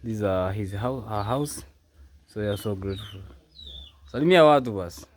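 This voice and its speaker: A man's voice: on the low side, steady tone, normal speed, darkish tone, a little hiss or hum. Effusive man vlogging outdoors. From Kenya. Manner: effusive, repeats his words. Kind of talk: casual vlog talk to camera. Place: outdoors at a rural family home. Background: chickens and a rooster.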